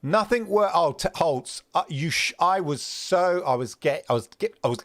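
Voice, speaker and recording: A man's voice: on the high side, animated, moderate pace, few pauses, dry recording. A man hosting a casual gaming livestream, rambling and talking back to his chat viewers. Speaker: host of a livestream gaming show.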